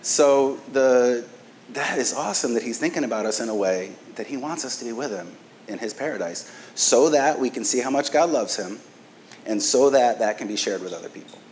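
A man's voice: medium pitch, animated, normal speed, a little mellow, slight background noise, rough recording. A man preaching a conversational sermon as pastor, talking casually, stumbling over restarts and often checking in with "right?".

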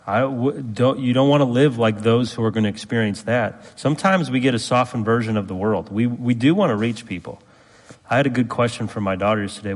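Emphatic preacher in a reverberant hall. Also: male voice. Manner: emphatic, rising to forceful peaks then dropping low. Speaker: pastor. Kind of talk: sermon. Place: church sanctuary. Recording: long reverb of a church hall.

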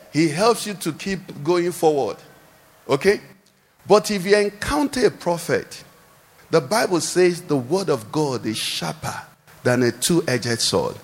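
A man preaching a sermon, animated, posing questions for the congregation to answer, recorded in a large church hall. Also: fairly high pitch. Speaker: pastor. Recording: echoey hall with long reverb.

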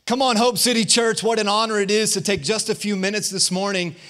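High-voiced fervent preaching man. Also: fairly even intonation, a little fast, sharp tone. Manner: fervent preaching with call-outs to the congregation. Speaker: guest pastor. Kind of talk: energetic online sermon.

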